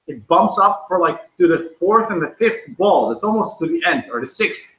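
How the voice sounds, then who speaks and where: A Dutch man, native Dutch speaker, hosting a casual livestream in English and talking loudly and animatedly. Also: high-pitched, normal speed. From Netherlands. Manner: loud, animated storytelling. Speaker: livestream host. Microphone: computer microphone. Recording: echoey room, dull lo-fi sound.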